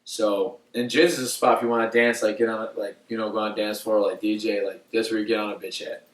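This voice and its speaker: A man's voice: lowish voice, flat delivery, fast talker, far from the mic. A young man telling a long story on a podcast, rambling with lots of swearing and filler words. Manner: rambling, profane, full of "like" fillers. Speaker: podcast co-host. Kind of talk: casual storytelling. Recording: echoey room, off mic.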